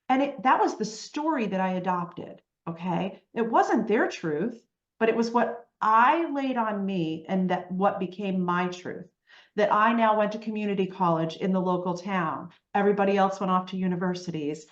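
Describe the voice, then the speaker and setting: A woman guest on an interview podcast, telling her story in a lively way and often asking "right?". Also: mid-range voice, moderate pace, echoey room, highs cut off. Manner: animated storytelling, frequent "right?" tags.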